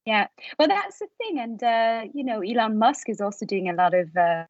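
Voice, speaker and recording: A woman co-hosting a local radio show in lively, laughing casual chat. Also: on the high side, normal speed, no echo, lo-fi sound. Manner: lively and laughing, says "darling".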